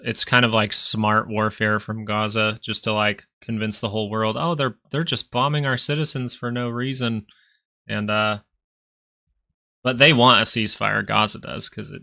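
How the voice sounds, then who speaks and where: Gravelly man hosting a casual market stream. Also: on the low side, bright, forceful tone. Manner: rambling, chatty, answers viewers directly. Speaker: stock market livestream host.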